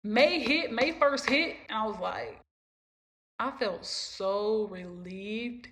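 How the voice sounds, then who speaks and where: Slow and a bit bright, with a voice on the high side, a podcast host recounts her own life to motivate listeners. She delivers her encouragement emphatically, returning to the same points again and again.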